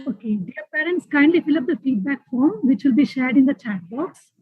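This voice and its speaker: A school host closes a webinar with a formal vote of thanks and a quote. Her voice is high and comes through thin and phone-like. The sound is dry, with no room around it. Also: animated, fairly quick, no room sound. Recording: dry, phone-like call audio.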